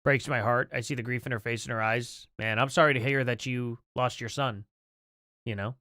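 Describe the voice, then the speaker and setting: A man's voice: medium pitch, fairly even intonation, normal speed, bright, forceful tone, no echo, clean studio sound. A man hosting a livestream, talking through his opinions in a rambling, conversational way with lots of fillers. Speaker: livestream host. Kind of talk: casual commentary.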